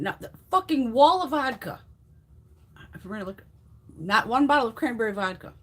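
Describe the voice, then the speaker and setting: This woman in her fifties, a beauty live-stream host, has a slightly high voice with a breathy edge. She keeps things casual on her stream, chatting, telling meandering stories and swearing freely.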